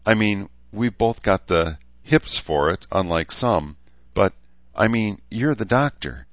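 A man's voice: on the low side, lively intonation, slow, no echo, pitched above the performer's own voice. Guy putting on a fretful young daughter in a story, voice pushed up, kinda muffled dry audio. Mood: exasperated. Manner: raised, strained, exasperated. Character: young adult woman, anxious, blunt daughter.

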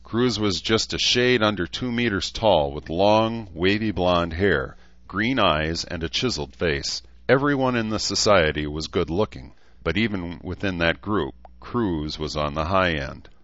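A man narrating an audiobook in a steady, even storytelling manner. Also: sits low, a little slow, dry recording, muffled recording. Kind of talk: scripted narration.

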